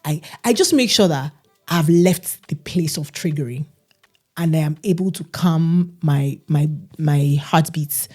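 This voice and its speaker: Woman with a low, mellow voice. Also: a little slow, soft background music. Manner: animated storytelling, mimics others' voices. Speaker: podcast co-host. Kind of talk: casual chat.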